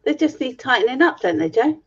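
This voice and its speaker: A woman's voice: sits high, very animated, fairly quick, husky. A woman co-hosting a casual live chat, giggly and teasing. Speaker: co-host. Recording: dull lo-fi stream audio.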